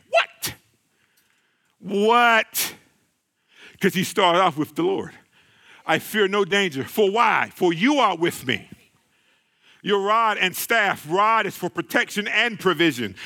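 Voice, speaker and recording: A man's voice: high-pitched, pushed and bright. A man preaching a sermon, repeating phrases, calling out to the congregation and exclaiming.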